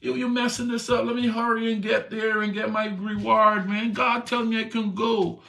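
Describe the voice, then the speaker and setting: A man's voice: high voice, level tone, normal speed, vocal fry, bright, forceful tone, echoey room, recorded from a distance, voice pushed up, exaggerated voice. A man voicing a stubborn, greedy man who scolds his donkey, in impatient, slangy speech.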